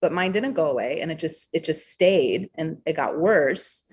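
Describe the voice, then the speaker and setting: A young adult woman talking candidly as a podcast guest, expressive and blunt, swearing freely. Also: low-pitched, moderate pace, a little hiss or hum. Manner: frank, expressive, swears freely, acts out quoted thoughts. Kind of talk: candid interview conversation.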